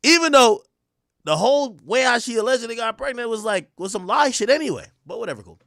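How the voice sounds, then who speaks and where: A man's voice: very high-pitched, very animated, fast talker, gravelly, fairly bright tone, no echo, studio quality. A young man hosting a podcast, telling a long personal story in casual, profane talk and quoting others in his own voice. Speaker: podcast host.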